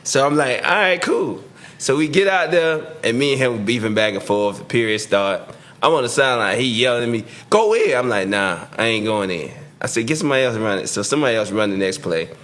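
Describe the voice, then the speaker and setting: A man's voice: mid-range voice, animated, fairly quick, a bit bright. Laid-back man telling a story. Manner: laid-back storyteller who acts out quotes, laughing as he talks. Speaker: guest, former football player. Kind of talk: casual storytelling.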